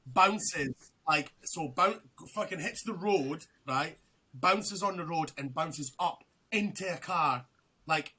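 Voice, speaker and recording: A man's voice: fairly high pitch, bright, forceful tone, slightly rough. A young man, a podcast guest, telling a rambling story in casual chat, swearing freely and restarting his sentences.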